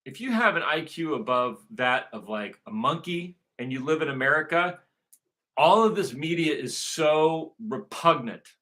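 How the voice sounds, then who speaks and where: A man hosts his own show with a voice on the high side, expressive, pushed and bright, at a measured pace. His monologue is a repetitive, emphatic rant peppered with profanity.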